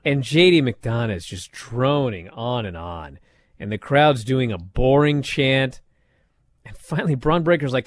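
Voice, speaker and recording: A man casually recapping a wrestling show on a podcast, telling it with lots of uh's and quick asides. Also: mid-range voice, no room sound. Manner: animated storytelling with frequent fillers.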